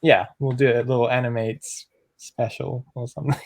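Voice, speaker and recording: A man's voice: mid-range voice, level tone, normal speed, vocal fry, no room sound. A man hosting a casual group podcast, talking loosely with many fillers as he steers the topics. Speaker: podcast host. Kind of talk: casual chat.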